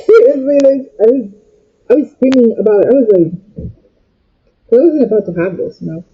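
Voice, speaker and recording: Young woman vlogger, breathy, agitated storytime rant, dull lo-fi audio. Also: on the high side, big pitch swings, moderate pace. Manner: agitated, jumping between loud outbursts and quieter asides.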